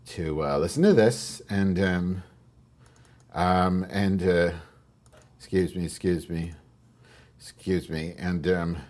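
Man, low-pitched, rambling, crude, comic monologue, show host. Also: darkish tone. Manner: crude, rambling, acts out quotes in raised voice. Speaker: podcast host.

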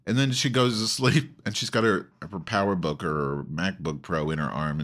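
Hosting an online call-in show, a man rambles casually to his audience, swearing freely and jumping between topics in a campy, offhand way. His very low, slightly bright voice moves at normal speed, and he restarts sentences often.

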